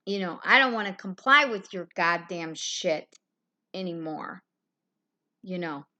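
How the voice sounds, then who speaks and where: A woman talks straight to her live stream, furious and swearing hard. Her voice has a bright, sharp edge, and her delivery wanders loosely from one grievance to the next. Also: fairly low pitch, lively intonation, unhurried, muffled recording. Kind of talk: angry live-stream rant.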